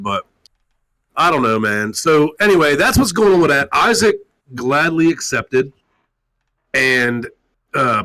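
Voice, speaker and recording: A man hosting a call-in live stream, ranting in a crude, mocking way with constant swearing. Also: poor audio. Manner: loud, mocking and crude, swinging widely in pitch. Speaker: talk show host. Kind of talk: profane live-stream rant.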